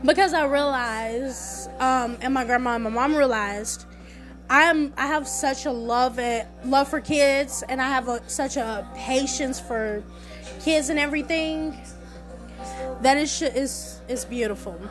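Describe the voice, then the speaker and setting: A young woman with a high voice talks through family stories in a lively, chatty way. Soft music plays faintly underneath. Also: a little slow. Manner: animated, chatty, conversational. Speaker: podcast host. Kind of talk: casual storytelling monologue.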